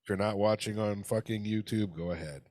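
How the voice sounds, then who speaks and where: A man's voice: on the low side, steady tone, a little fast, darkish tone, dry recording, studio quality. Laughing man hosting a podcast. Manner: laughing, loose and profane. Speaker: podcast host. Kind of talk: casual comedic podcast chat.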